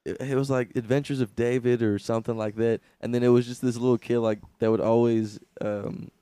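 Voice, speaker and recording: A man's voice: mid-range voice, level tone, brisk, dark tone, smooth, no room sound. A young man co-hosting a comedy podcast, rambling through crude stories and laughing often. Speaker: podcast co-host. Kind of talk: casual chat. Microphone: studio microphone.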